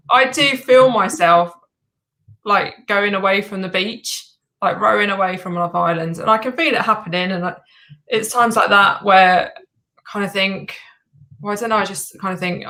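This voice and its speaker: A woman speaking at an ordinary middle pitch, a guest on a casual conversational show. She talks candidly and reflectively, often pausing and reaching for her words. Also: pushed and bright, poor audio. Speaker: guest, host's wife.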